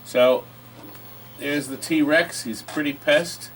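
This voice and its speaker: A man's voice: on the high side, fairly even intonation, slow, very noisy. A man hosting a live online auction stream, joking while describing items up close.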